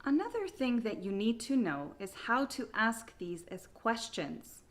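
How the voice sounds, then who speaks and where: Slow, deliberate woman teaching English. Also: fairly high pitch, very animated. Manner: slow, deliberate, drilling example sentences; exaggerated rising intonation on example questions. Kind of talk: English grammar lesson.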